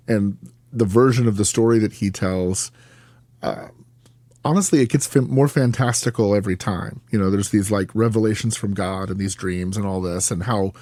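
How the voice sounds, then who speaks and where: A man talking as a guest on an interview podcast, measured and thoughtful with frequent fillers. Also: on the low side, warm tone, dry recording. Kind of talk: interview conversation.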